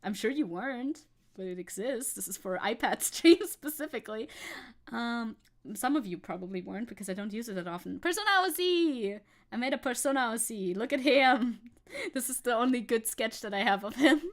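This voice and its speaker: A young woman chatting on a live stream, rambling from one thought to the next with frequent giggles. Her voice sits a little high, and she reads chat messages aloud as she goes. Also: fairly quick. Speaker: VTuber streamer.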